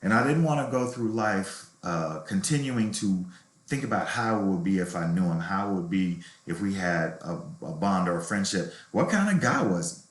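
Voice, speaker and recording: A middle-aged novelist, appearing as a guest, tells a personal story candidly and reflectively in a low voice at normal speed. A roomy echo surrounds him, like an interview recorded in an open room.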